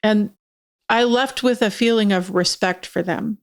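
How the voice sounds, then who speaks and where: A woman's voice: medium pitch, unhurried. Earnest woman guest telling a story. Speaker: podcast guest. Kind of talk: conversational podcast talk.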